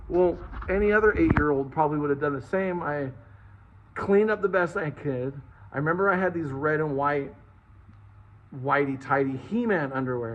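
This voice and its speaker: A man in his forties from Liverpool, England, casually telling a childhood story in an animated, self-mocking way and swearing freely. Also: a little high, slight background noise, poor audio. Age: 40s.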